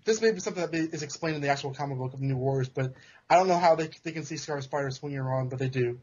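A man's voice: mid-range voice, very fast, darkish tone, slight background noise. A man casually recapping a comic book on a podcast, joking and restarting his sentences, in a dull lo-fi recording. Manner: joking, self-interrupting storyteller. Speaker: podcast co-host. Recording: dull lo-fi sound.

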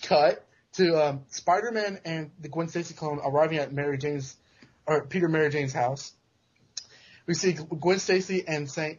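Husky man recapping a comic. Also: a little high, normal speed. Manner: joking, self-interrupting storyteller. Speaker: podcast co-host. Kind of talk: casual comic-book recap. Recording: dull lo-fi sound.

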